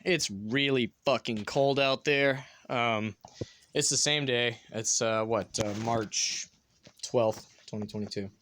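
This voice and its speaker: A man from North Carolina talking casually to his phone in a rambling monologue, swearing often and filling pauses with ums and uhs. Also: medium pitch, a bit bright. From North Carolina, USA. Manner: swears a lot, rambling with many fillers. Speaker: vlogger.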